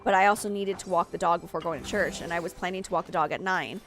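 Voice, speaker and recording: A woman's voice: on the low side, steady tone, fast, music in the background. A woman game streamer, tired from lack of sleep, chatting in a rambling way full of fillers. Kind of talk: casual chat while streaming gameplay.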